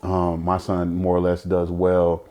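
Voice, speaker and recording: A man's voice: sits low, completely flat delivery, measured pace, muffled recording. A man speaking as a guest in an interview, talking earnestly and reflectively with many fillers and restarts. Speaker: guest, father of an autistic son. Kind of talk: candid conversational interview.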